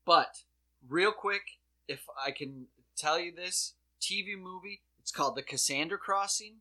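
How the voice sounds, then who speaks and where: A man co-hosting a casual comedic chat, excitable and sarcastic, acting out his own reactions. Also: high-pitched, unhurried. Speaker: podcast co-host.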